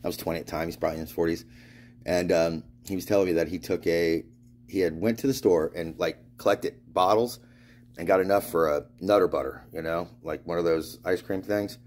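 A man's voice: sits low, fairly even intonation, brisk, darkish tone. A man from Florida in a meandering spiritual monologue, swearing often and laughing through his stories. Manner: meandering, restarts and trails off. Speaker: spiritual vlogger. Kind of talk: rambling monologue.

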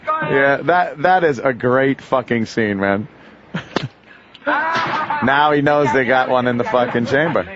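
A man's voice: mid-range voice, slow pace, long pauses, very noisy. A man chatting enthusiastically and profanely about a film on a radio show, recorded on a lo-fi studio mic. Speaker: radio show host or regular. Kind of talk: casual studio chat about movies.

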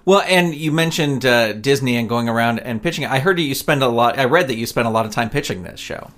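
Guy hosting a chill podcast interview, friendly, lots of quick yeahs. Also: mid-range voice, a bit bright. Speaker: podcast host. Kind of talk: casual interview chat.

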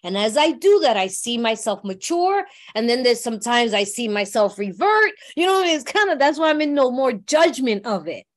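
High-voiced woman sharing a recovery story. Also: very animated, normal speed, few pauses. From New York. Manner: heartfelt, conversational, often asks "you know what I mean". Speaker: workshop speaker. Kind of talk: personal recovery share.

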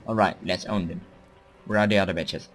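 A young man with a low voice gives a rowdy, profane let's-play commentary while playing a strategy game. He gets excitable and yells orders at his units. Faint game music plays behind him. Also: a little fast. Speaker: gaming channel host.

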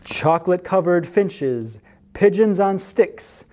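A storyteller voicing a boastful young male magician who chants rhyming spells slowly in a sing-song way and is quick to throw a tantrum, in a picture book read-aloud. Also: medium pitch, expressive, warm tone. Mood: chanting spells.

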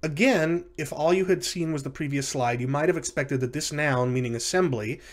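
A man's voice: fairly high pitch, a little fast. A man giving a recorded language lecture, explaining step by step with frequent fillers and self-corrections.

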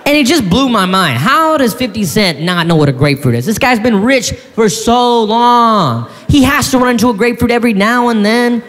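A man performing stand-up comedy, telling a story in an animated, incredulous way with sudden shouts. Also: very high voice, moderate pace, hardly any pauses. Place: live comedy venue on stage. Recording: live stage in a reverberant hall with faint crowd ambience.

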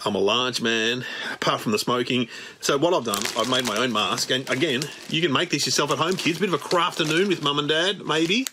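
A man's voice: medium pitch, brisk, background noise. A middle-aged Australian man doing dry, self-mocking stand-up comedy to camera.

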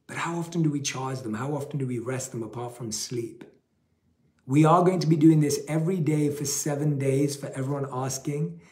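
A man hosting a live guided meditation with a gentle, encouraging delivery. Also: a little high, reverberant.

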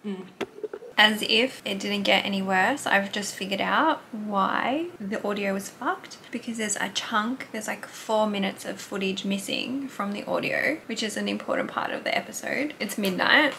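Talking to camera in her vlog, this young Australian woman is candid and relaxed and doesn't hold back on the swearing. She speaks at a moderate pace in a mid-range, creaky, somewhat bright voice over faint background noise.

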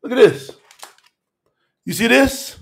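A man preaches slowly in a very high, gravelly voice, teaching scripture to a telethon audience. He is fiery and emphatic, repeating phrases and at times raising his voice to a shout.

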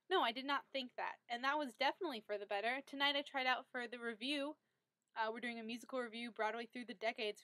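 A woman's voice: fairly high pitch, sharp tone, dry recording. A teenage girl talking casually to her friends in a vlog, gushing and stumbling over her words when she gets emotional. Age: teens. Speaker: vlogger.

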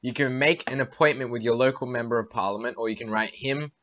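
A young man reads test questions aloud in a halting, hesitant way during casual podcast banter. His voice is bright and clear-toned. The audio is dull and lo-fi. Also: mid-range voice. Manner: hesitant, halting, fillers while reading. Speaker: podcast co-host. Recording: dull, lo-fi home recording.

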